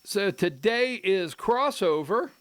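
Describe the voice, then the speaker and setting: A man hosting a politics show in an unhurried, drawn-out delivery, with a voice that sits somewhat high for a man. He rambles, restarts his sentences and throws in pointed asides. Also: animated, fairly bright tone, smooth. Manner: rambling, self-interrupting, emphatic asides. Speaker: host.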